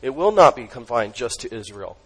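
A man preaching a sermon as pastor, emphatic, asking the congregation questions and dropping his voice low on key words. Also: sing-song, a little fast, breathy edge, rough recording.

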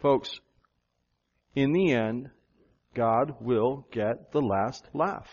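A male pastor preaching a sermon, animated, jumping up in pitch for emphasis. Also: extremely slow, dull audio.

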